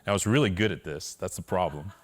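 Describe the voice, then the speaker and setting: A Korean man gives a keynote to a live audience, sharing his personal story with candid, self-deprecating humor and frequent check-ins with listeners. His voice is low and he talks fast.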